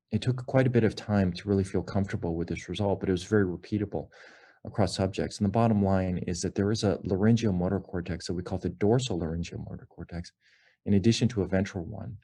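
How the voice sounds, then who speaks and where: Low-voiced man giving a research lecture. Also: mellow. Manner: measured, explanatory, with frequent fillers. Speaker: neurosurgeon researcher presenting. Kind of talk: academic lecture presentation.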